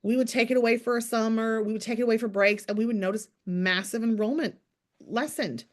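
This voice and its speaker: A woman with a fairly high voice leads a morning team call over a video link. She coaches in a chatty, direct way and keeps turning to her listeners. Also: fairly even intonation, fairly quick. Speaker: team leader hosting a morning business call. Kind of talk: casual motivational talk.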